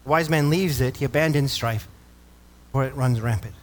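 This sermon comes from a male pastor with a mid-range voice and a moderate pace. He preaches earnestly, reads passages of scripture, and questions the congregation.

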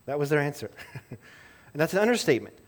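A man's voice: fairly high pitch, big pitch swings, fast. A man preaching a sermon to his church in a conversational way, often repeating words as he restarts a thought. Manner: conversational, self-interrupting with small laughs and repeated words. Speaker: pastor.

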